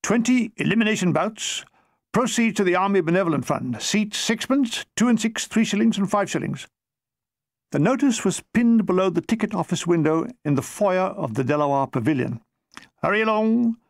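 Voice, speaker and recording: A man with a high, gravelly voice reads his memoir in a dry, comic way, now and then slipping into a quick voice for someone in the story. The recording is close and dead, with no room sound. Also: no echo. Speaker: author reading his memoir. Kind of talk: audiobook narration.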